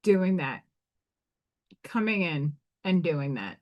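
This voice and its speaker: A woman's voice: deep voice, expressive, takes it slowly, lo-fi sound. Frank woman with a Staten Island accent. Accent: Staten Island, New York. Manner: rambling, frank, swears casually, frequent restarts. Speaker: live stream host and oracle card reader. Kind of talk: casual live stream chat.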